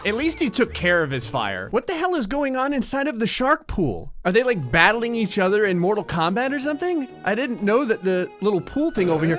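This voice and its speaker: A man with a fairly high voice giving joking commentary over gameplay. He narrates dryly, then jumps sharply upward when something surprises him. Quiet game music plays behind him. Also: very animated, moderate pace. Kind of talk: casual let's-play commentary.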